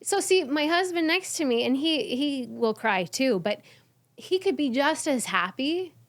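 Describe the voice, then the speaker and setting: A middle-aged woman who works as a healing coach, talking in a casual panel conversation and turning animated and high-pitched when she gets excited. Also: a little slow. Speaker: trauma healing coach, guest.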